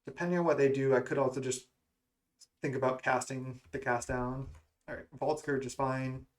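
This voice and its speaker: Gaming creator, male, mid pitch, casual running commentary on his own play. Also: fairly even intonation, moderate pace. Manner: musing, self-questioning strategy talk. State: has the hiccups. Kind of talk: thinking aloud during card game play.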